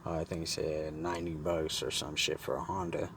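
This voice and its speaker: A man's voice: a bass voice, completely flat delivery, a little fast, fairly bright tone, a little hiss or hum. A man vlogger casually telling a story in a laid-back, slangy, profane way.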